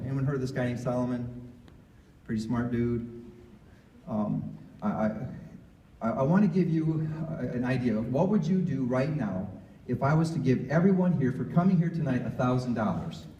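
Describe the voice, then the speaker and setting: A man speaking as a guest financial advisor, giving an animated motivational talk to students and peppering them with questions. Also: medium pitch, moderate pace. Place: room at a campus ministry gathering. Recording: echoey room, from far off, dull.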